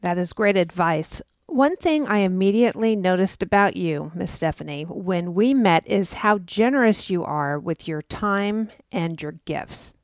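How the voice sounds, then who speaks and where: A woman hosting a podcast, asking interview questions in a calm, encouraging way. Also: fairly low pitch, a little slow, few pauses, no room sound, clean studio sound. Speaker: podcast host.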